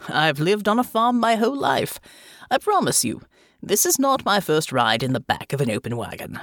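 A woman's voice: on the low side, big pitch swings, moderate pace, no echo, studio quality. A woman reading an audiobook, voicing a kindly, plain-spoken older lord who grew up on a farm. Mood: reassuring.

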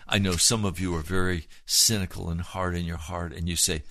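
A man preaching a sermon in an earnest way, moving between hushed and emphatic delivery and slowing down to stress points. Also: deep voice, steady tone, creaky, no room sound.

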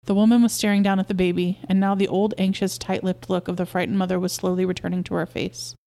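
A woman narrates a short story aloud for her podcast. Her reading is steady and measured, in a middle-pitched voice. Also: vocal fry.

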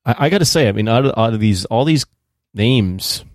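A man's voice: lowish voice, expressive, a little fast, darkish tone, no echo, studio quality. A man co-hosting a podcast in casual chat, teasing and firing questions. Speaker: podcast co-host.

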